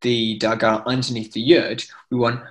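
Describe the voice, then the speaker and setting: A man's voice: mid-range voice, flat delivery, normal speed. A man teaching an online class in chanting scripture, explaining with many fillers and chanting short examples. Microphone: video call.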